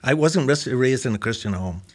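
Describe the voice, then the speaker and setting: A man's voice: mid-range voice, lively intonation, moderate pace. An older man from Northern Ireland, his accent blended with American, chatting easily as an interview guest and laughing at his own jokes. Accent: Northern Irish mixed with American. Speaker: pastor and guest. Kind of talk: casual interview conversation.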